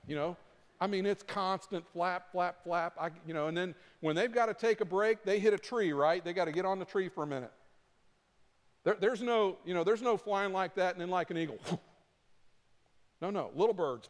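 Animated preacher in a reverberant church. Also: male voice, high voice, normal speed. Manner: animated, acts out flapping with rising volume. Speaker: pastor. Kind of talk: sermon. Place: church sanctuary. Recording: long reverb of a church hall.

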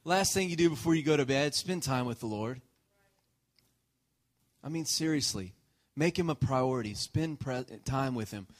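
Male pastor, relaxed sermon delivery, playful with the congregation. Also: mid-range voice, normal speed, long pauses. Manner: joking, checks in with the congregation. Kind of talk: conversational sermon.

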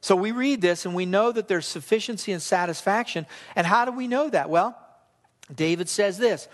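A man with a notably high voice preaches a sermon to his congregation. He speaks earnestly and with emphasis, often repeating a phrase for weight, and slows down deliberately whenever he reads scripture. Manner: slows down to read scripture aloud. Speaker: pastor.

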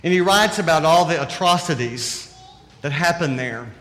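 A man with a Southern drawl preaches in an earnest, conversational way and often poses questions to his listeners. His voice sits a little high. The sound carries a long reverb from the hall. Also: animated, normal speed, a bit bright. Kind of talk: sermon.

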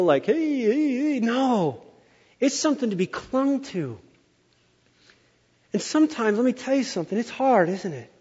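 A middle-aged man with a high voice preaches a lively, exaggerated sermon. His voice rings with a long hall reverb and sounds dull and muffled, as if from a church sanctuary. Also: slightly rough. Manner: animated, exaggerating storyteller. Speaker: pastor.

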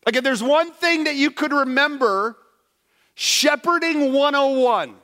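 A middle-aged man preaching a sermon to a congregation, direct and animated, swinging between loud emphasis and quiet. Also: extremely high pitch, measured pace. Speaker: pastor. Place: church sanctuary before a congregation.

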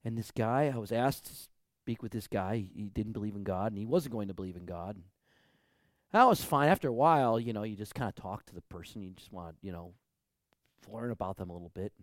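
A man, a pastor, preaching a sermon and telling a story, dropping to a hush and then rising loud and high. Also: brisk, no echo, clean studio sound. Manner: storytelling with big swings from hushed to loud.

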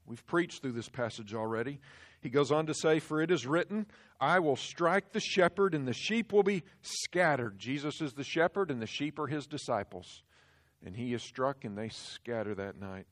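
A man preaching a sermon, walking the congregation through scripture and swinging from hushed to loud for emphasis. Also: mid-range voice, lively intonation, normal speed. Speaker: pastor.

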